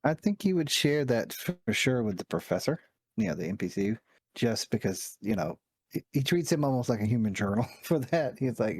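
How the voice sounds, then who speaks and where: A man with a husky, mid-pitched voice chats casually as a player, musing aloud about his character. The sound is dry and close. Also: normal speed, no room sound. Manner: relaxed, thinking aloud. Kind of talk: casual game chat.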